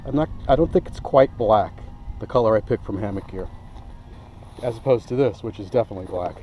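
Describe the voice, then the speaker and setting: A man's voice: lowish voice, a little fast, dark tone, poor audio. A man walking through his hammock setup outdoors in a casual vlog, enthusiastic and rambling, often breaking off mid-sentence. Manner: enthusiastic, rambling, self-interrupting. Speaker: outdoor gear reviewer. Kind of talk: casual gear demo vlog. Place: outdoors by a hammock among trees.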